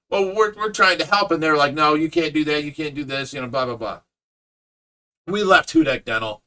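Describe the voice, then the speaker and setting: A man's voice: on the high side, bright, forceful tone. A middle-aged man with an Ohio accent, chatting casually on a livestream and telling a long story, acting out what others said. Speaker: fish rescue owner and caregiver. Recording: voice picked up from a distance.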